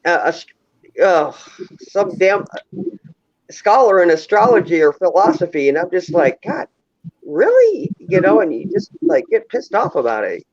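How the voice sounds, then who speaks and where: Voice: mid-range voice, big pitch swings, measured pace, vocal fry, dry recording. A speaker on a casual live stream, ranting and swearing freely. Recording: dull, dry lo-fi sound.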